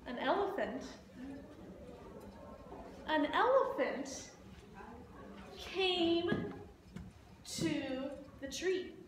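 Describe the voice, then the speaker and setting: Very slow, echoey woman teacher. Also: high voice, lively intonation, a little hiss or hum. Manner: simple, repetitive retelling. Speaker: language teacher. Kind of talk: slow story-listening lesson. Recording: echoey room, voice from a distance.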